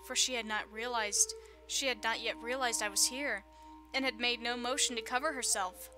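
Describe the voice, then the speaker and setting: A woman's voice: fairly high pitch, steady tone, moderate pace, music in the background. A woman reading a visual novel's text aloud with joking, sarcastic commentary, often laughing.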